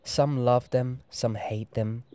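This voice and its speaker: A young man hosting soft-spoken game commentary, talking gently and relaxed with chuckling asides. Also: mid-range voice, takes it slowly, dry recording. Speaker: gameplay host.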